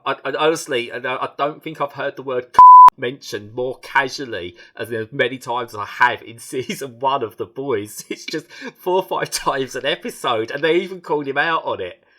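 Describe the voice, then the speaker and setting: A man's voice: medium pitch, normal speed, bright, forceful tone. A man, co-hosting a podcast in casual, enthusiastic chat with many restarts. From England. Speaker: podcast co-host.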